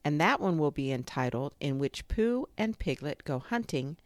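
A woman reading a children's story aloud in an expressive, unhurried storytelling manner. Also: low voice, no room sound.

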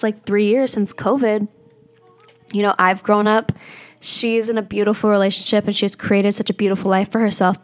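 A young woman hosting a podcast, talking candidly and confessionally in a rambling way, with many "like"s. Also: mid-range voice. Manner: rambling and confessional, heavy use of "like". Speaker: podcast host. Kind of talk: candid personal podcast monologue.

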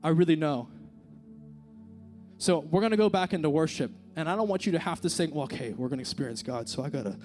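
A young man with a slightly high, lively voice speaks quickly and a little mellowly over soft background music. He's a youth speaker giving an informal sermon at a church service, using a handheld microphone to tell a personal story in a casual, earnest way packed with fillers like "like" and "dude."

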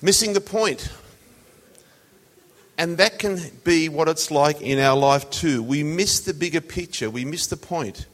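A man's voice: a little high, a little slow. A man preaching a sermon in a conversational, storytelling way. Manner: conversational, tells jokes as illustrations. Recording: long hall reverb.

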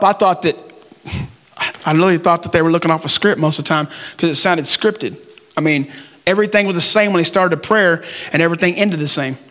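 A man giving a conversational, animated sermon, acting out prayers in plain everyday talk. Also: high-pitched, big-room sound. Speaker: preacher.

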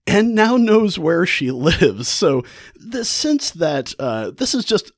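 A man casually retells a story, full of enthusiasm and halting restarts. His pitch rises and falls widely, and the sound is close and dry with no room around it. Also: wildly swooping pitch, no echo. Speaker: podcast host.

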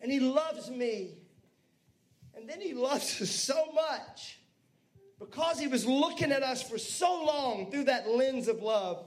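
A man preaching a sermon as pastor, lively, with asides to the congregation. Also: very high-pitched, measured pace.

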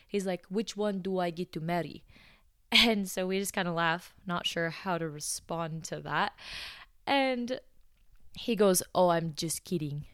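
A young American woman tells stories on her podcast with chatty, animated energy. Her voice sits slightly low and comes across smooth and crisp. The sound is dry and close, with no room echo. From United States. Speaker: podcast host. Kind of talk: storytelling podcast.

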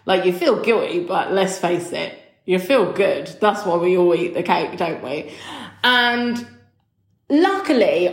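Frank woman in an echoey room. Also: lowish voice. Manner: frank, emotional and chatty. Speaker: podcast host. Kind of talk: candid solo podcast talk.

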